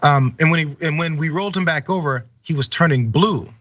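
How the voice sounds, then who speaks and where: A man's voice: fairly high pitch, brisk, a bit bright, no echo, dull audio. A man hosting online news commentary, talking loosely with many fillers and pressing indignant rhetorical questions.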